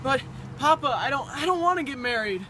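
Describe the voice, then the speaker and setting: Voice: high-pitched, animated, fairly quick, sharp tone. A performer playing a nervous young bride who stammers and pleads in an amateur stage play. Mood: pleading. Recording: noisy with traffic behind.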